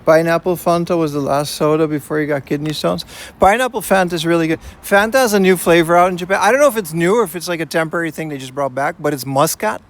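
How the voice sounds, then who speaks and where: This IRL streamer has a fairly high voice and talks at a quick pace while walking outdoors in the city with a portable streaming rig. He chats casually, reading his chat aloud and replying in a relaxed style with plenty of "man" and "you know."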